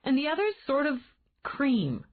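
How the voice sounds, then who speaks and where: A woman's voice: high-pitched, unhurried, pitched above the performer's own voice, exaggerated voice. A woman doing a flustered, outspoken young woman. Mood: animated. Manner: exclamatory, animated. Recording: tinny phone-like band.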